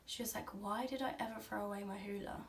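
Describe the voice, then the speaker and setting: A woman banters and jokes while she has her makeup done. Her voice sits at a middling pitch over a faint background hiss. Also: fairly even intonation, quick pace. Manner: jokey, giggly banter. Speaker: makeup client. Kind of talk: casual chat.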